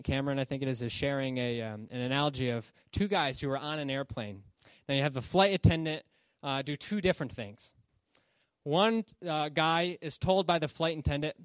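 A man's voice: mid-range voice, normal speed, clear, resonant tone, no echo. A man giving an informal Bible teaching, conversational and checking in with his listeners as he explains. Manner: conversational, checks in with "okay?" and "right?".

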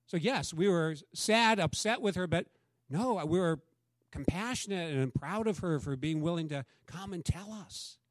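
Pastor guy, fairly high voice, chatty sermon, dry close sound. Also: lively intonation, unhurried, no echo. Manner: conversational preaching, acts out quoted dialogue.

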